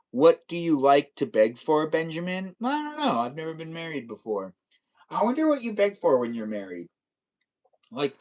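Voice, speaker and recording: A young man live streaming, chatting casually and teasing his viewers as he reads their comments, laughing often. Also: mid-range voice. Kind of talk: casual livestream chat reading viewer comments.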